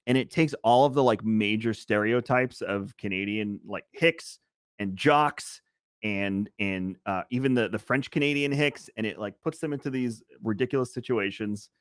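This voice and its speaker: A man's voice: lowish voice, moderate pace, no echo, clean studio sound. A man co-hosting a podcast, chatting casually and enthusiastically recommending a show in a rambling way. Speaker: podcast co-host. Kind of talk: casual chat.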